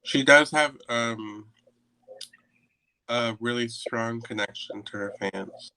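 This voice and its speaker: Bright-toned playful man co-host. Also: mid-range voice, slow pace, dry recording, rough recording. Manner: playful, animated teasing. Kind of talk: casual chat.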